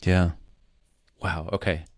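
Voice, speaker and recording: A man's voice: low voice, flat delivery, slow pace. A man hosting a podcast, asking loose questions full of fillers. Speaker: podcast host. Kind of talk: interview questions.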